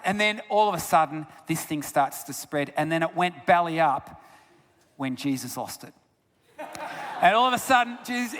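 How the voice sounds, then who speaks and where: Animated man preaching in reverberant church. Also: sits high. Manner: animated, swings between loud and hushed. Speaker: guest speaker. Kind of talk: storytelling sermon. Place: church sanctuary.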